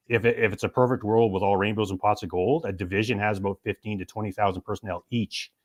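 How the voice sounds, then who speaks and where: A man, a military historian and urban operations instructor, giving a detailed, explanatory presentation as a guest to the show's host. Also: fairly low pitch.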